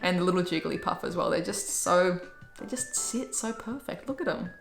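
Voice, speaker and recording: A woman's voice: on the low side, normal speed, gravelly. A young woman vlogging about her monthly favourites in an upbeat, chatty way, full of "like" fillers. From Australia. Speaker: YouTube vlogger. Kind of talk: casual monthly favourites vlog. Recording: echoey room with faint music.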